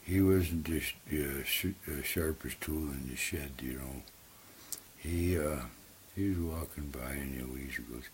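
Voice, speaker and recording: An older man telling folksy stories in a slow, halting, soft-spoken way with many fillers. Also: rumbling low, slight background noise. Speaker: storyteller. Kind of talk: casual folksy storytelling.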